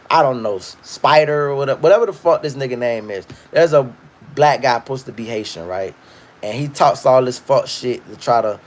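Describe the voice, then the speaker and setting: A man hosting a livestream, ranting in a loud, profane, rambling way and reading viewer comments. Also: medium pitch. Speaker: livestream host. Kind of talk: casual livestream rant.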